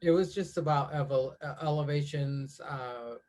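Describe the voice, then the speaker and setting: A man co-hosting a podcast, mixing mock-announcer delivery with deadpan sarcasm. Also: a little high, normal speed. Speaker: podcast co-host. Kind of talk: casual chat.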